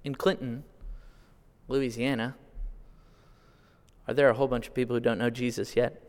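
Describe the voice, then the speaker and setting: A man from California preaching a sermon, asking the congregation questions and swinging between quiet asides and loud, drawn-out appeals. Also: mid-range voice, flat delivery. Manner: asks the congregation direct questions. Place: church sanctuary. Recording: long hall reverb.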